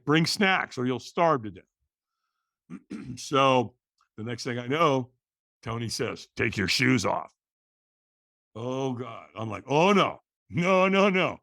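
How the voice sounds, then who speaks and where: A middle-aged man, a podcast guest, telling a personal story in a lively way, acting out the voices in the quotes and often restarting words. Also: mid-range voice, no room sound, clean studio sound.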